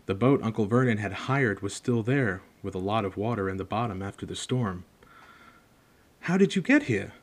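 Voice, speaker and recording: A man hosting a show and reading a book aloud in a measured, steady narration. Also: fairly low pitch. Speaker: host and reader. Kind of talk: audiobook narration.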